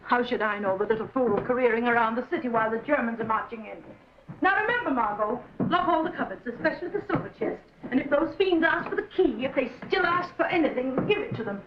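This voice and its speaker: An actress playing a fussy, bossy spinster friend in a 1940s film, scolding and flustered. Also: female voice, fairly high pitch, animated, quick pace, lo-fi sound, natural voice. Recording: echoey, noisy old film soundtrack.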